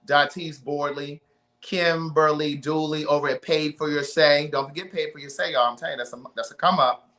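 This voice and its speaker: A man's voice: mid-range voice, sharp tone. A man from Maryland hosting a live stream in casual chat, reading out viewers' names and thanking them. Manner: chatty, reads viewer names aloud.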